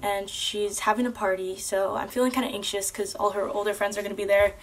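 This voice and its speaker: A woman's voice: medium pitch, flat delivery, brisk. A young woman earnestly telling a personal story to camera, casual and full of "like" and "um". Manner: earnest, with many fillers like "like" and "um".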